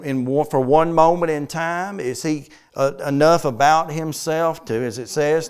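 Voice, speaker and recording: A man leads a conversational sermon, pausing to ask his congregation questions. His voice sits slightly high and rings clear and smooth. When he reads scripture he slows down and leans on each phrase. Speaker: preacher teaching a Bible study.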